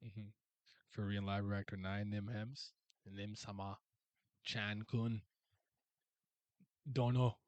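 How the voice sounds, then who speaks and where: A man's voice: lowish voice, little pitch movement, slow, pauses often, a little mellow, no room sound. A man hosting a casual livestream chat, rambling with lots of restarts and laughter. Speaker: livestream host.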